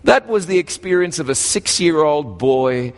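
Preaching in a New Zealand accent, this man from New Zealand tells a story as a sermon, his pitch leaping and falling sharply. He stays animated and slows down to stress key phrases, all within a long hall reverb.

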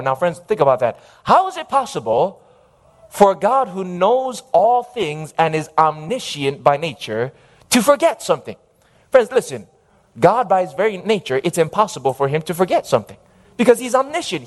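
A male preacher telling a story in a sermon, animated and calling out to his listeners. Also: a little high, moderate pace. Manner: animated storytelling, calls for amen.

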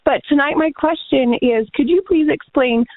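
A woman's voice: high-pitched, normal speed, dry recording. Earnest woman on a tinny phone line. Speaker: caller. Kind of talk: phone-in question.

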